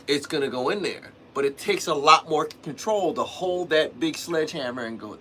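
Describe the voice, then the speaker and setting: Animated and a bit bright, this livestream host speaks in a somewhat high voice at normal speed with few pauses, talking casually about drumming. His teaching talk rambles, with restarted sentences and frequent "man" and "you know." There's slight background noise.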